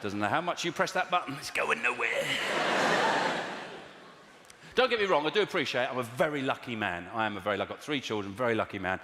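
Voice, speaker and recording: A London man doing stand-up, griping in a chatty, exasperated way, and his pitch swings all over the place. His voice rings through a big theatre with long reverb and roaring audience laughter behind him. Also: expressive, fast, heavy background noise. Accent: London English. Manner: conversational, exasperated, jumps to high squeals for emphasis. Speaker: stand-up comedian. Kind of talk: stand-up comedy routine. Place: large theatre stage before a live audience. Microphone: stage microphone. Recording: roomy hall reverb, loud audience laughter.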